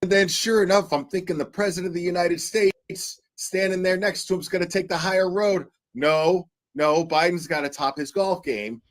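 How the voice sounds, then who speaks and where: A man's voice: sits high, moderate pace, hardly any pauses, dry recording. Incredulous swearing man ranting, dry sound. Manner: animated, incredulous, swears often, laughs while talking. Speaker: online commentator. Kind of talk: casual ranting commentary.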